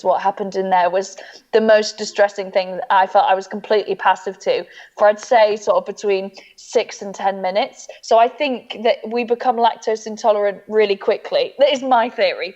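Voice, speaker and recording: Woman, casual self-deprecating storyteller, many fillers, mid pitch, dull lo-fi video call sound. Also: steady tone, moderate pace, darkish tone. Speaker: comedian guest.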